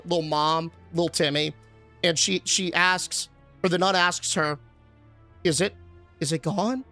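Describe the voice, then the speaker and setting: Male streamer, high bright voice, sarcastic movie-recap rant, faint music behind. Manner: animated, sarcastic, swears casually.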